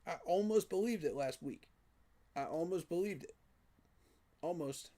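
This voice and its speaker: A man's voice: fairly high pitch, animated, measured pace, warm tone. A man giving a frustrated, emphatic postgame reaction rant, repeating his points for emphasis. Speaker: sports fan commentator.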